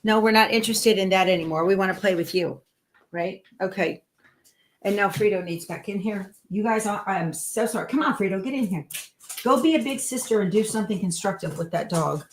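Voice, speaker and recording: A woman from Texas hosts a live sewing show, chatting casually and reading viewer comments aloud. Her voice is mid-range and fairly quick.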